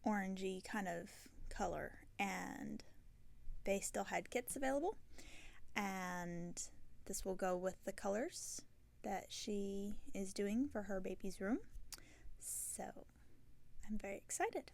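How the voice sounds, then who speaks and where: A tired woman hosting a knitting podcast, chatting casually and rambling, with soft half-whispered asides. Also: medium pitch, slow pace, creaky, long pauses. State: tired and yawning. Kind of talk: casual chat. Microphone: self-filmed camera.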